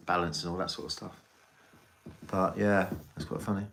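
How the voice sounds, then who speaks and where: English man, rambling live-stream chat, bright forceful tone, swears a lot. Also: deep voice, fairly even intonation, moderate pace, gravelly, slight background noise. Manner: rambling, chatty, swears freely. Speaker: tarot reader and livestreamer.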